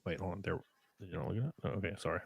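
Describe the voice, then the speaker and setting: A tipsy man co-hosting a podcast, chatting crudely and animatedly, often laughing and breaking into high mocking voices. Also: rapid-fire, vocal fry, husky, no room sound, dull audio. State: a little drunk. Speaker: podcast co-host. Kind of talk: casual crude banter.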